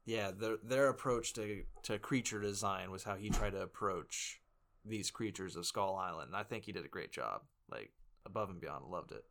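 A man co-hosting a movie review podcast, relaxed and joking, laughing often. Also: deep voice, normal speed, creaky. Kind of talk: casual chat.

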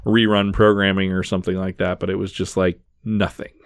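A man with a lowish voice walks through a film scene by scene, casual and chatty, leaning on "like" and "um". He is recorded close and dry, with no room sound. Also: little pitch movement, fairly quick, smooth, no echo. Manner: recaps scenes in detail, many fillers.

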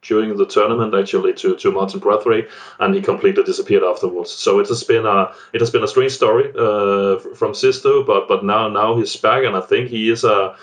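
A man's voice: lowish voice, fairly even intonation, a little fast. A man from Denmark, a guest pundit talking football, often restarting and repeating words. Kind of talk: casual football discussion.

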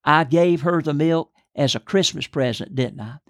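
Man doing a softhearted milkman, earnest, plain, dry close sound. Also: on the high side, moderate pace, dry recording, close to an everyday voice.

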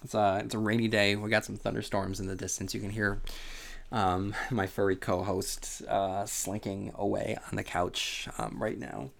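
A man's voice: lowish voice, little pitch movement, moderate pace, gravelly. A sleepy man hosting a podcast from home, talking casually about a book with lots of fillers and restarts. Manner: rambling, many fillers and restarts. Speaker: podcast host. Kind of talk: casual solo book discussion. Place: home on a rainy day.

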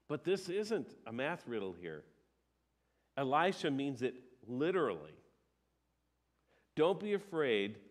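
A male pastor giving a sermon. He talks in a conversational way, with emphatic rises and some hesitations. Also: mid-range voice.

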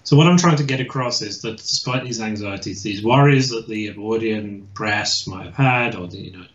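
A man's voice: lowish voice, normal speed. Hesitant male historian on an echoey call. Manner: hesitant, many restarts and fillers. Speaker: guest historian. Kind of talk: casual expert explanation. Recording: echoey and dull lo-fi.

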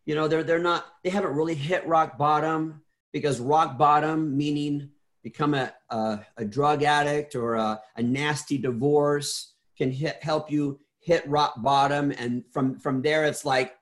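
Middle-aged male guest, earnest storyteller, a bit high-pitched, trips over repeats. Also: fairly even intonation, a little slow. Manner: earnest, repeats words, many restarts. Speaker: interview guest. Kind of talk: casual interview storytelling.

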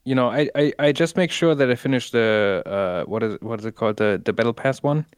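A man as a podcast guest, talking in a dry, halting way with many restarts. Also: mid-range voice, clear, resonant tone, dry recording. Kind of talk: casual chat.

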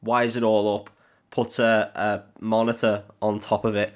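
A man's voice: on the low side, flat delivery. A young man co-hosting a podcast, recapping a film in casual chat, laughing often and swearing as he acts out scenes. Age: young adult. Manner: laughing often, sweary, retelling scenes with quick quoted voices. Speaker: podcast co-host.

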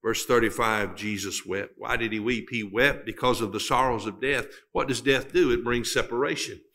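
A man preaches a sermon in a bright, forceful voice, pitched about the middle for a man. He leans on long dramatic pauses and builds to emphatic climaxes. He reads scripture in old-fashioned wording. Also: fairly even intonation.

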